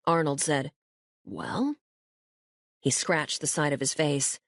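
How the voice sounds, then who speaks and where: A woman narrating a horror audiobook in an even storytelling manner, giving the characters voices. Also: low voice, normal speed, dry recording, studio quality. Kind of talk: scripted narration.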